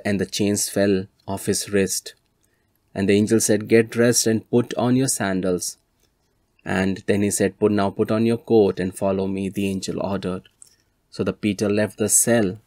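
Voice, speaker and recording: Low, flat-voiced male preacher. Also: dry recording. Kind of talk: sermon.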